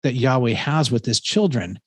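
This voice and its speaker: A man's voice: medium pitch, expressive, moderate pace, slightly rough, no echo. A man in his fifties, a professor, telling a story in casual conversation, earnest and rambling with lots of fillers and restarts. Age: 50s. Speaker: professor and podcast host.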